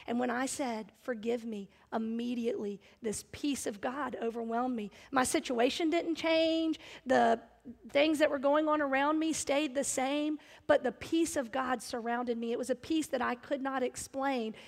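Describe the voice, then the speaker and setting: High-voiced woman preaching in a reverberant hall. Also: moderate pace, gravelly. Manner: earnest, personal storytelling with rising emphasis. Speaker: pastor. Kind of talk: sermon.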